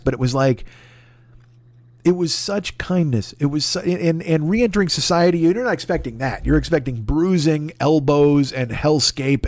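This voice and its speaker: A man's voice: a little high, a little mellow, no echo. A man in his forties hosting a podcast, telling a personal story in a rambling, profane, self-deprecating way with many restarts. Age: 40s. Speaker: podcast host. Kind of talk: casual solo storytelling.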